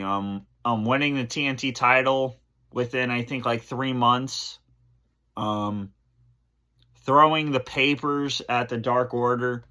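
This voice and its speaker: A man hosting his channel, answering fan questions on camera in a halting, emotional way, full of fillers and restarts. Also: medium pitch, pushed and bright. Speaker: channel host.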